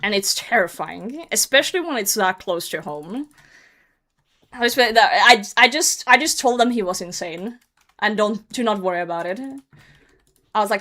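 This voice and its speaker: A young Norwegian woman, a native Norwegian speaker with a Norwegian accent, telling a story casually on her game livestream, animated, laughing often and swearing freely. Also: mid-range voice, measured pace, long pauses. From Norway. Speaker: game streamer.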